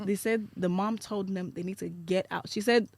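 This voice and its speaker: A woman's voice: medium pitch, steady tone, normal speed, creaky, a little mellow, dry recording. A young adult woman hosting a podcast, chatting casually and retelling stories. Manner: conversational, retelling stories with quoted voices. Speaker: podcast host. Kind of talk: casual chat.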